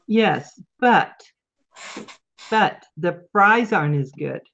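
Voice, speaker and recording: A woman's voice: fairly low pitch, expressive, takes it slowly, vocal fry, a bit bright, highs cut off. An older woman, a grandmother, hosting a casual chat and giggling often. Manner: chatty, giggly. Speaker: host. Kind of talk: casual chat on a video call.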